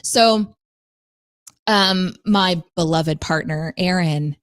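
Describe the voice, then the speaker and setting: Speaking extremely slowly in a fairly low voice, a woman co-hosts a casual podcast conversation, telling stories and laughing a lot. The recording is dry and studio quality.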